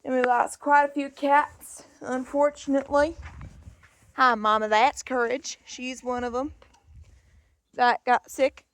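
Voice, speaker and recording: A woman's voice: fairly even intonation, a little slow. A young woman with a put-on Southern drawl, chatting casually while walking around a farm, a little out of breath. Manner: chatty, coos at animals in a high baby voice. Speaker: farm vlogger. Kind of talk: casual walk-and-talk farm vlog. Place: outdoors on a farm.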